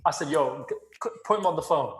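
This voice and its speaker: A man co-hosting a podcast, telling a story in a casual, animated way with frequent laughs and swearing. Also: on the high side, fast talker. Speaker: podcast co-host. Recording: roomy echo.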